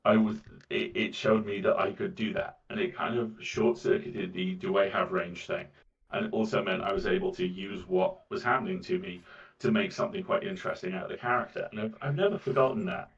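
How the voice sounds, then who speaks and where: British man, soft mellifluous voice, rambling chat with repeats, low pitch, distant muffled recording. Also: steady tone, fairly quick. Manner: rambling, with frequent repeats of words. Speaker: voice actor guest. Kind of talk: casual interview chat.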